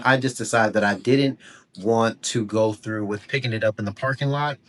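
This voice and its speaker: A young man hosting a podcast tells a story in a relaxed, chatty way. He is animated as he talks and slips into little voices for the people in it. His pitch sits in an ordinary middle range. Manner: animated, acts out voices and laughs while telling a story. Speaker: podcast host. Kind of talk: storytelling anecdote, casual.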